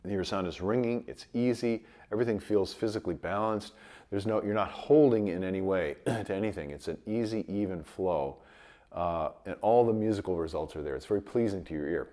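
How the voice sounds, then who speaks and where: A man's voice: sits low, a little fast. Man teaching trumpet with a cold. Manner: relaxed explaining with light chuckles, sings sample tones. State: has a cold, voice a bit rough. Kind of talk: casual video lesson.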